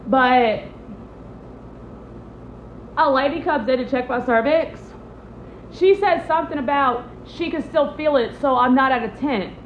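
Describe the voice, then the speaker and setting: Young woman, high voice, casual storytime, animated quoting, echoey room. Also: unhurried, long pauses, a little hiss or hum. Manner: animated, acts out quotes with big pitch jumps. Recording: echoey, slightly muffled room audio.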